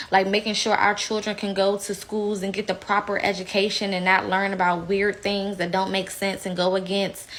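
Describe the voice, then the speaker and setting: A woman's voice: medium pitch, fairly bright tone. A woman giving heated, blunt opinion commentary, indignant and outspoken. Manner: slips into mocking impressions.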